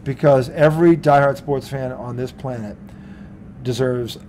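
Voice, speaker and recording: A man's voice: medium pitch, fairly even intonation, unhurried, warm tone, slight background noise. A male sports talk host from the Boston area, ranting heatedly with lots of swearing and laughing mid-rant.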